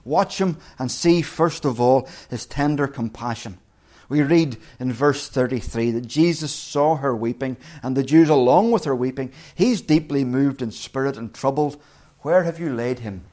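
A man preaching a sermon as pastor, earnest, dropping to hushed quotes and rising to emphatic peaks. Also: medium pitch, normal speed.

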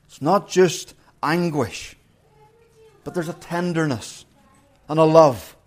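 Male preacher, earnest sermon delivery, voice sits a little high. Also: slow pace. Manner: earnest, wide pitch swings when acting out voices.

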